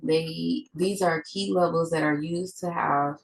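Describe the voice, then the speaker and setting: Trading teacher, a woman with a cold-stuffed nose; low and gravelly, reads from notes with restarts. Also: steady tone, a little slow, low-quality recording. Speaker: trading educator. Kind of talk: reading a trading lesson aloud.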